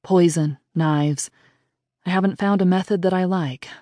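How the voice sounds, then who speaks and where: A woman voicing a soft-spoken, stoic male killer who talks almost with pity. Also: on the low side, fairly even intonation, unhurried, dry recording, clean studio sound, natural voice.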